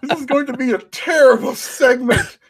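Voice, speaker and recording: A man's voice: very high-pitched, moderate pace, slight background noise. A man co-hosting a comedy podcast, flustered and laughing at himself as he chats casually. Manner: flustered, laughing, self-mocking.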